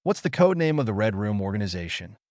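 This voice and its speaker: A man voicing a calm, cold and confident young male soldier in an audiobook, speaking in a steady, even manner. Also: lowish voice, fast talker, no room sound, clean studio sound.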